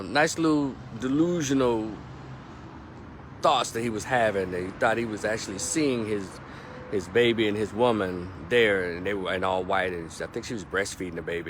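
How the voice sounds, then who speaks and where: A middle-aged man reviews movies in a casual vlog, retelling scenes in a rambling, animated way full of profanity. His voice is fairly low, and there is a little hiss or hum in the recording.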